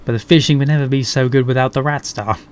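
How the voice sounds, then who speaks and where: A man voicing a shy, gentle male albino rat who mends nets. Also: medium pitch, steady tone, quick pace, a little hiss or hum, natural voice.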